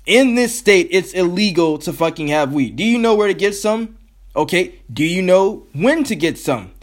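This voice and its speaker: A man's voice: high voice, expressive, normal speed. A man hosting his own podcast, ranting in a heated, profane, rambling way. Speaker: podcast host. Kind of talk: solo podcast rant.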